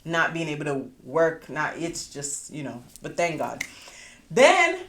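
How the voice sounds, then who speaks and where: A woman hosting a podcast, telling a personal story in casual chat, animated and quick to swear. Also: deep voice, reverberant, a little hiss or hum. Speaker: podcast host.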